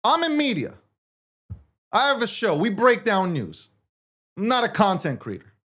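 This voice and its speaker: A man's voice: sits high, wildly swooping pitch, normal speed, a bit bright. Profane ranting man. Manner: profane, heated and sarcastic. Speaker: show host. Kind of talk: ranting commentary.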